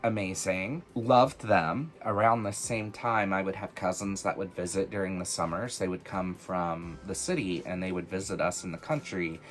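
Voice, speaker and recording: A man casually telling personal stories in an animated, chatty way, full of fillers, for his witchcraft vlog. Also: deep voice, moderate pace, hardly any pauses, soft background music. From United States. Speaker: witchcraft vlogger.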